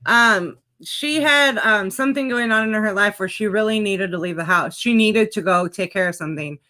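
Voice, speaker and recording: A woman's voice: medium pitch, moderate pace. A woman hosting a casual chat, telling stories animatedly and acting out what people said. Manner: animated storyteller, acts out quotes. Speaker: host.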